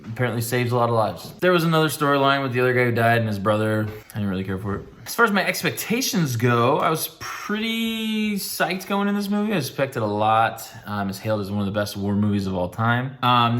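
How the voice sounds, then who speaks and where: A man's voice: medium pitch, fairly bright tone. A man giving a casual spoken movie review in a laid-back, rambling way with wry asides.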